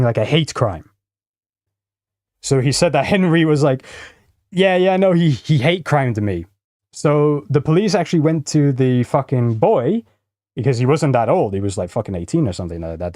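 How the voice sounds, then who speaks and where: A man's voice: mid-range voice, a little mellow, no echo. Man, streamer, rambling, swearing, dry close sound. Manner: rambling, swearing a lot, frequent laughter. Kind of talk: casual reaction-stream commentary.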